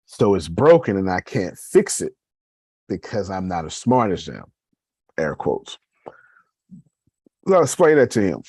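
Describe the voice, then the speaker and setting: This time his voice is low-pitched, darkish and husky, very animated, a little slow, with frequent pauses. Talking directly to y'all about his business in a casual motivational chat, he rambles and restarts conversationally, with no echo.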